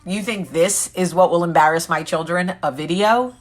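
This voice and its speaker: A low, husky woman in her forties chats freely with her viewers. She is candid and joking, and reads their comments aloud and answers them on the spot. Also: normal speed. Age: 40s. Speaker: vlog host. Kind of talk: casual live chat with viewers.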